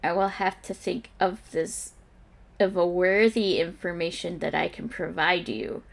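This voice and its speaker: A woman's voice: on the low side, measured pace, vocal fry. A woman playing her character in a tabletop game. She speaks hesitantly and thoughtfully, with many fillers. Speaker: player.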